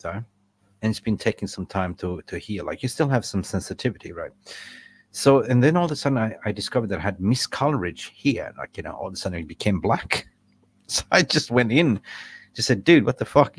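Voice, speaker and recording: A man hosting a casual fan chat over a call, telling animated stories and swearing freely. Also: on the low side, fairly quick, breathy edge. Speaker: fan show host.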